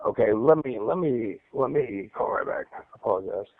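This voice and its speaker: A man's voice: medium pitch, lively intonation, moderate pace, no room sound. A man telling his story over the phone, stuttering, repeating words and restarting his sentences. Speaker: caller recounting an interrogation. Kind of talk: casual phone account. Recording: tinny dry phone line.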